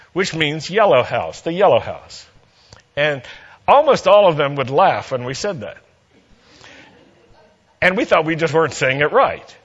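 A man's voice: a little high, fairly bright tone, highs cut off. A man preaching a sermon, telling a humorous personal story and acting out the dialogue with playful energy.

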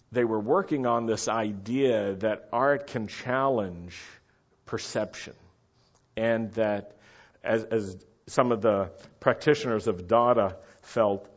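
Middle-aged man, low-pitched and chatty, storytelling with a casual, animated delivery. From United States. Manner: animated, chatty, asks listeners to follow along. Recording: dull lo-fi recording.

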